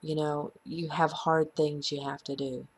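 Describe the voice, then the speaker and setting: A woman earnestly sharing a painful personal story in a halting, confessional way. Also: low voice, flat delivery, husky. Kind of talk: heartfelt personal testimony.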